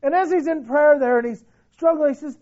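A man preaching a sermon with passion, swinging between loud declarations and hushed, pleading lines. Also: very high voice, a little fast, highs cut off. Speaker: pastor.

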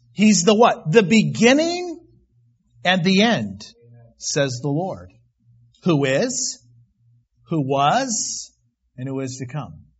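Husky man preaching a sermon, higher voice, emphatic, muffled recording. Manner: emphatic, swings between loud declarations and quiet asides. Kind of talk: sermon on Revelation.

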